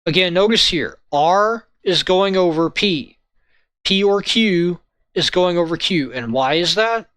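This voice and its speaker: A man walking viewers through a logic lesson in a halting way, often checking in with "right?" and "okay?". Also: high-pitched, animated, fairly bright tone, clean tone, no echo. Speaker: logic tutor. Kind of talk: informal lesson walkthrough.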